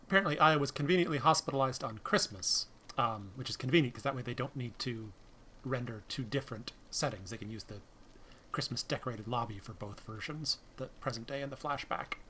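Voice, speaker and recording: A man's voice: mid-range voice, a little fast, pushed and bright, slight background noise. A man streaming a game live, making wry, musing asides about the scenes.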